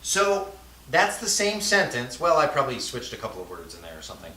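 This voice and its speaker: A man gives a relaxed classroom lecture, talking things through with fillers and quick rhetorical checks to his students. His voice sits at an ordinary middle pitch and is picked up from a distance in a reverberant room with a faint hiss underneath. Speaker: language teacher.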